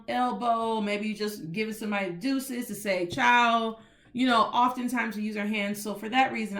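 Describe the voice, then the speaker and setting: A woman's voice: medium pitch, a bit bright. A woman hosting a casual Spanish lesson, chatty and informal, switching between English and Spanish and spelling words out letter by letter. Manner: informal colloquial speech with "y'all". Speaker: Spanish teacher and host. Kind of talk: casual teaching monologue.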